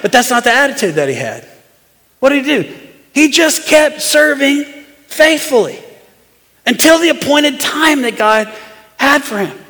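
A man preaching a sermon as pastor, firing rhetorical questions at the congregation and swinging between loud and hushed delivery. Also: extremely high pitch, very animated, measured pace, pauses often. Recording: long reverb of a large hall.

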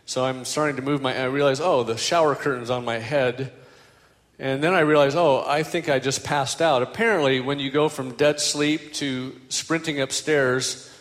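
A man's voice: mid-range voice, steady tone, normal speed, fairly bright tone, in a large hall. An older man preaching a sermon as a pastor, telling stories with self-deprecating humor.

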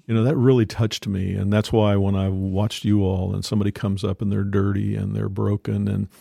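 A man hosting a casual conversation, telling a story with many pauses and fillers. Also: lowish voice, level tone, vocal fry, mellow, no room sound, clean studio sound.

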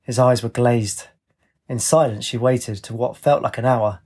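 A man narrating a story in a steady, plain reading voice. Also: mid-range voice, measured pace.

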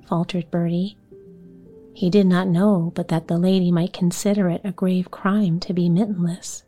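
A woman narrating a bedtime story in a soft, half-whispered, soothing way. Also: lowish voice, level tone, faint music behind. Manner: soft, slow, partly whispered. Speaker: podcast host, bedtime story reader.

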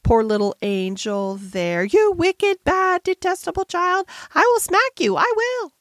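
A woman reading aloud, voicing a plump, excitable woman who sounds helpless and flustered, swinging between coaxing and scolding. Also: medium pitch, a little slow, no echo, clean studio sound, lightly acted.

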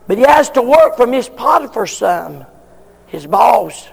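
Preacher man, real high gravelly voice, folksy, goes up to shouting, long hall reverb. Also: very animated, unhurried. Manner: folksy, building to shouted peaks. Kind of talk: sermon.

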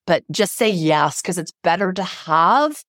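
A woman's voice: fairly low pitch, animated, measured pace, fairly bright tone, no echo, clean studio sound. A middle-aged woman psychotherapist speaking as a guest in a podcast interview, earnest and emphatic, repeating phrases to drive her point home.

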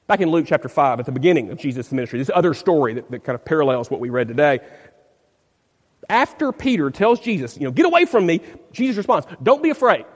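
A man's voice: medium pitch, expressive, fast talker, long reverb tail. A man, a pastor, preaching a sermon in an emphatic way, often repeating words as he searches for the phrasing.

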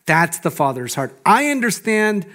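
Male pastor, sermon, slightly high voice, animated, shifts from loud emphasis to hushed lines. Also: unhurried. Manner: laughs often between phrases.

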